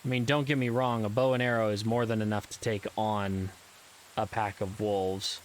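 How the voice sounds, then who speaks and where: A man's voice: lowish voice, flat delivery, normal speed, a little hiss or hum, rough recording. A man giving casual, rambling commentary while playing a video game, with frequent ums and uhs and self-deprecating asides. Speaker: let's play gamer.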